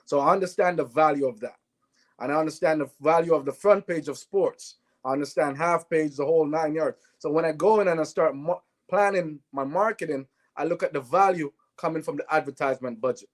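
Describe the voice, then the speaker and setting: The Canadian interview guest, a sprinter who became a businessman, speaks a little high and a little fast. He animatedly narrates stories, acting out every exchange.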